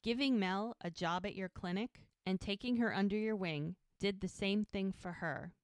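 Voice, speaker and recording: A woman's voice: mid-range voice, normal speed, clean tone, no room sound. A woman co-hosting a podcast, casually recapping a TV episode and acting out the characters' lines as she retells scenes, laughing now and then. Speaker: podcast co-host.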